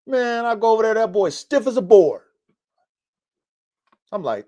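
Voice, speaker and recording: A man's voice: high-pitched, very animated, a little fast, pauses often, a little mellow. A man hosting a casual live-stream podcast about his dogs, talking bluntly and preachily, swearing often and repeating himself for emphasis. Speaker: podcast host and dog breeder. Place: home in the mountains.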